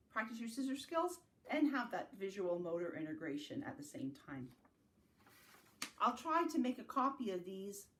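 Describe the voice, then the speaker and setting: A woman from Canada leading a virtual family literacy circle, singing rhymes and talking gently and encouragingly to young children. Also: lowish voice, a little hiss or hum. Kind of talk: virtual circle-time lesson with songs and rhymes. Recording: distant mic in an echoey room.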